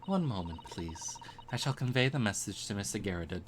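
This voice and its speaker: A man's voice: fairly low pitch, expressive, fairly quick, background noise, close to an everyday voice. A man voicing a prim, polite young female housemaid who speaks very formally.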